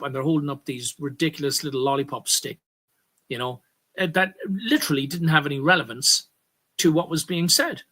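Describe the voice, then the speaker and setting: Bright-voiced Irish man ranting on politics. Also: fairly high pitch. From Ireland. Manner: rambling, stops to correct himself, emphatic bursts. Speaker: commentary host. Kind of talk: political commentary monologue.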